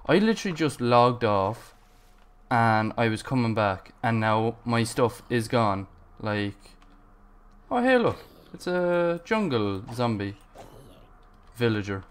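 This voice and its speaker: A man's voice: mid-range voice, very animated, slow, clear, resonant tone. A man narrating his Minecraft gameplay, frustrated and swearing as he rambles to himself. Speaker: gaming channel host.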